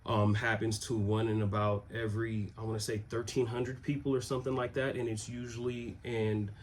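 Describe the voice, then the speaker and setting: A young man telling a personal story in a loose, conversational way, with many pauses and restarts. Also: fairly low pitch, flat delivery, a little hiss or hum. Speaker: vlogger.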